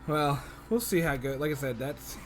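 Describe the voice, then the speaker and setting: A man's voice: on the high side, brisk. Joking man on a noisy video call. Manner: joking, playful banter. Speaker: podcast host. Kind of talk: casual chat over video call.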